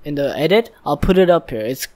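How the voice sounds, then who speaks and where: A man's voice: a little high, expressive, brisk, dark tone. A man hosting a music reaction video, casually and eagerly explaining rhyme schemes and often exclaiming in admiration. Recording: faint music playing behind.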